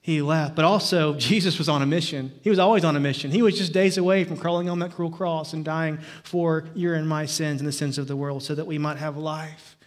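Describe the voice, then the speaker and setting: High-voiced man preaching a sermon. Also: steady tone, a little fast, hardly any pauses. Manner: emphatic preaching, swinging between loud rises and quiet drops. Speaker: pastor.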